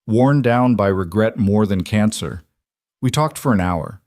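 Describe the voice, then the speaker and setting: A man reading as a gentle young dad. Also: fairly low pitch, animated, a little slow, dry recording, clean studio sound. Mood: tender. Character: adult male father, gentle and wry.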